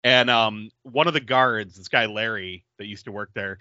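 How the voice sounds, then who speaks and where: A man co-hosting a casual podcast, telling stories in an animated way with frequent giggles. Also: on the low side, moderate pace, no echo. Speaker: podcast co-host. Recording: dull lo-fi podcast mic.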